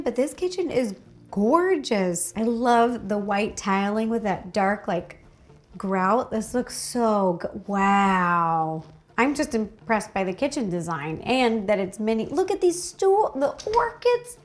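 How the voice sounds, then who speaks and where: A bubbly woman with a high, bright voice reacts to clips at home, gushing over everything and gasping with delight. Soft music sits quietly behind her. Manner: gushing and excitable, frequent gasps and delighted exclamations. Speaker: host reacting to videos. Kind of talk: casual reaction commentary.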